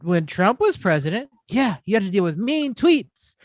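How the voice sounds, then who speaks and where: A man's voice: high-pitched, big pitch swings, moderate pace. A middle-aged man hosting a podcast, ranting and swearing through casual chat. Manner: ranting and profane. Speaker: podcast host.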